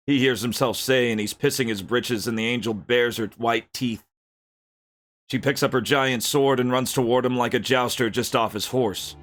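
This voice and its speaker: A man reading a dark, violent fantasy story aloud in an unhurried, gritty narration. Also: medium pitch.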